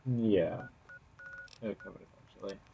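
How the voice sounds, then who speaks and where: A young man co-hosting a podcast in casual chat, talking low and hushed with slangy words. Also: slow pace, husky. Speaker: podcast co-host.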